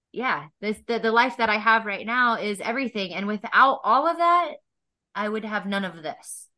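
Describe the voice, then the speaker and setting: A woman with a bright, sharp-edged voice speaks as a guest on an interview podcast. She tells her personal stories with heartfelt, animated warmth, laughing often between thoughts. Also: medium pitch.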